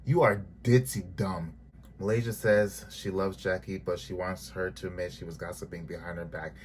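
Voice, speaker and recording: A man's voice: low-pitched, fairly even intonation, moderate pace, slight background noise. A man giving a casual, blunt and sassy recap of a reality TV episode, cursing freely. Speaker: TV show reviewer.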